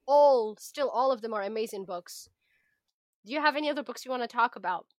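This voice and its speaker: A young woman co-hosting a casual book podcast, playful and quick to laugh. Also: a little high, no room sound, studio quality. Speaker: podcast co-host.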